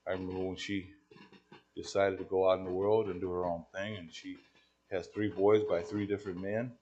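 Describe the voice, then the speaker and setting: A man preaching a sermon, telling a story and acting out the dialogue, moving from quiet asides to loud, emphatic peaks. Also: sits low, little pitch movement, normal speed, highs cut off. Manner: acts out dialogue, swings from hushed to shouting.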